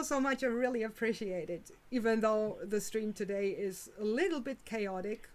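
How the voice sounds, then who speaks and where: A woman's voice: fairly high pitch, slight background noise. A woman hosting a live stream, chatting casually with guests and thanking viewers. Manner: thanks the chat, chatty and slow-spoken.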